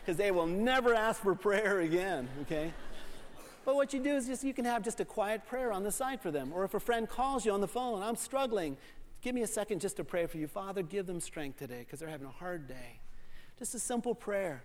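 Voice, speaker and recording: Male pastor, playful and animated, acts out quotes; bright high voice, long room reverb. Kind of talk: sermon.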